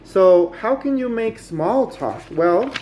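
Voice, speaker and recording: Speaking slowly with lively intonation and a mellow, slightly high voice for a man, this Guatemalan native Spanish speaker gives an easygoing spoken English lesson over a faint hiss or hum. He's a chatty, friendly teacher who keeps addressing his viewers as "guys."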